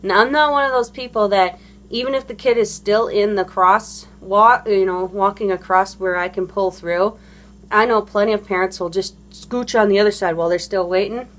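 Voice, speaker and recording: This vlogger is a woman and a parent whose voice sits at medium pitch, moving at normal speed with a slightly bright tone. She rants about other drivers in a casual, rambling monologue that is blunt, profane, and full of fillers and restarts.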